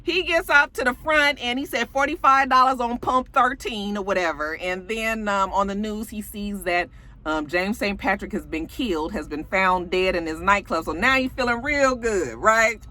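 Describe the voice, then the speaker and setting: A woman casually recapping a TV episode in an animated, profane, joking manner. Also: medium pitch, normal speed. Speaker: TV show reviewer.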